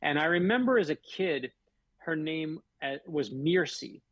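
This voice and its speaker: A man's voice: on the high side, animated, normal speed, fairly bright tone, no room sound, lo-fi sound. A middle-aged man from Florida, an author guest telling stories in a radio interview with heartfelt, emphatic delivery. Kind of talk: earnest storytelling in a radio interview.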